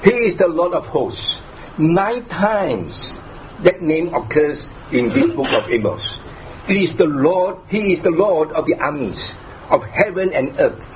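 A man's voice: a little high, sing-song, unhurried. A man preaching a sermon, driving points home through repetition and rhetorical questions. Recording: dull lo-fi recording, faint background noise.

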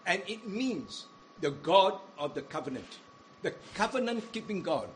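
A man's voice: high-pitched, sing-song, a little slow, fairly bright tone, a little hiss or hum. A man preaching a sermon, emphatic, with his voice rising and falling as he quotes scripture.

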